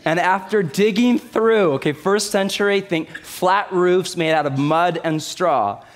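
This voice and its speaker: A male pastor delivers a sermon with lively, animated storytelling, often pausing to ask his listeners "right?". His voice sits a little higher than most men's.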